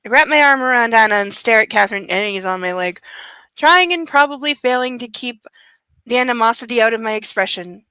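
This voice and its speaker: Bright-voiced sarcastic woman reading aloud. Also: a little high, animated, a little fast, smooth, no echo, rough recording. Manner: sarcastic, emphatic outbursts. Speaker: livestream host reading aloud. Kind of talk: sarcastic book reading with commentary.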